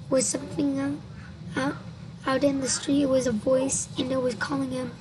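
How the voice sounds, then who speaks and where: A woman reading a scary story aloud, halting and restarting as she goes. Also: sits high, flat delivery, a little mellow, slight background noise, poor audio. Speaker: story reader.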